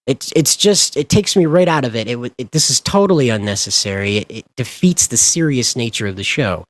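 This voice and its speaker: A man's voice: medium pitch, expressive, a little fast, no room sound. A man hosting a livestream, ranting in a sarcastic, sweary, exasperated way. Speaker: livestream host. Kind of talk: casual ranting stream commentary.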